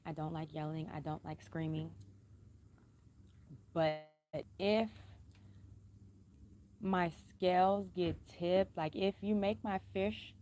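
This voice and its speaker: A woman's voice: takes it slowly, pauses often, slight background noise. Blunt, cussing woman speaking pointedly. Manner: blunt, cusses freely, speaks pointedly with emphatic repetition; says she is a singer who keeps her voice calm and low-key. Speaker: vlogger. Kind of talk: casual personal talk to camera.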